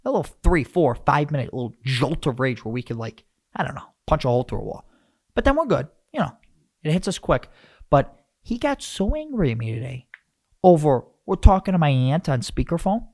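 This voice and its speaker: A man hosting a podcast, rambling and animated as he rants, with lots of restarts. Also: on the high side, a little fast, no echo, studio quality. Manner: animated, rambling, self-interrupting. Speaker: podcast host. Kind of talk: casual podcast rant.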